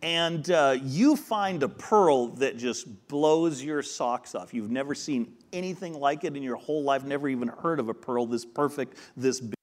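Preaching at a moderate pace with few pauses, a man of medium pitch explains a parable in his sermon. He tells the story with animation, performing the dialogue of a modern version.

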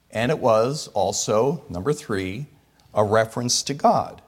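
A man preaching a sermon as pastor. He teaches step by step and rises to emphatic peaks. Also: medium pitch.

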